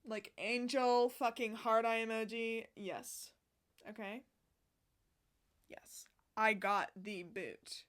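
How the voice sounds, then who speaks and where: A young woman vlogger chatting outdoors, excitable and sassy, swearing often. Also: on the high side, a little slow. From Canada. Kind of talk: casual chat. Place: outdoors on a sunny day.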